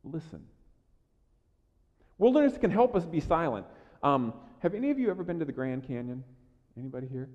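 A pastor preaches in a loose, conversational way, dropping to near-quiet asides and then pushing louder for emphasis. He often stammers and repeats words as he restarts. His voice rings in a long echoey hall on a dull, lo-fi recording. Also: on the high side, very animated, a little fast, long pauses. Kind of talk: sermon.

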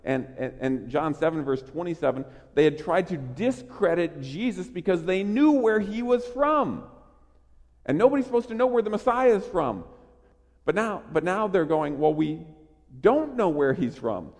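A man preaching with a fairly high voice, emphatic and animated, often stumbling over his first words before pushing on. His sermon rings out with a long reverb from a large church hall. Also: normal speed. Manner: emphatic, animated, with frequent restarts. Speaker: pastor.

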